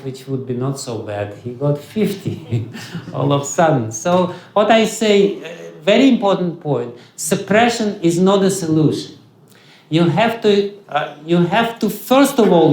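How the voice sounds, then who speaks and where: A man with a Russian accent giving a spiritual lecture, halting often with fillers and restarts. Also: on the high side, expressive, darkish tone. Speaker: spiritual teacher. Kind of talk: lecture on scripture. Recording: echoey hall.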